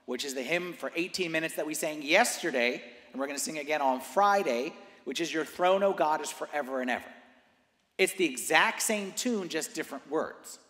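A man preaching a sermon as a priest, moving from quiet conversational asides to loud, fervent declarations. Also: a little high. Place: church. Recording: roomy church hall reverb.

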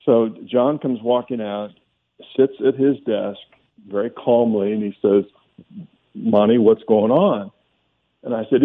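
A man's voice: lowish voice, steady tone, measured pace, pauses often. Ex football guy calling in, telling an old locker room story, sounds like a phone line. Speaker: guest, former football player. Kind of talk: storytelling in a radio interview.

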